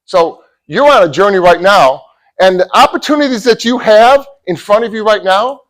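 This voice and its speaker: A middle-aged man giving a motivational talk to college athletes, telling a personal story and swinging from loud bursts to hushed asides. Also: sits high, expressive, normal speed, low-quality recording. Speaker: motivational speaker.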